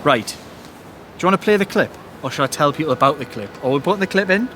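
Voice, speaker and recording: A young man hosts a football chat with a high, bright voice that swings all over the place. He tells stories in a rush and laughs a lot as he goes. Faint traffic hum sits under him outdoors. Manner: animated storytelling, laughing often, rushed. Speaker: football journalist, podcast host. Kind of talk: excited casual chat. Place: outdoors at night abroad.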